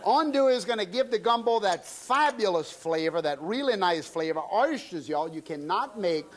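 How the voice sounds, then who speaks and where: A man's voice: high voice, lively intonation, normal speed. A middle-aged man with a South Louisiana accent, chatting folksily with the audience while demonstrating a recipe. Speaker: TV cooking show chef. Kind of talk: cooking demonstration.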